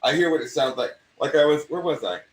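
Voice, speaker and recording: An older man with a mid-Atlantic accent, an acting coach talking in an animated, rambling way. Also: fairly high pitch, quick pace, distant mic, a little hiss or hum. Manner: animated, rambling, self-interrupting. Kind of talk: casual conversation. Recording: echoey room, away from mic.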